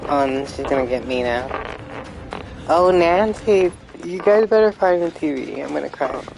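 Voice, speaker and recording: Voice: medium pitch, animated, a little fast, vocal fry, over music, low-quality recording. A live streamer chatting casually and rambling through gameplay commentary, sometimes swearing when frustrated.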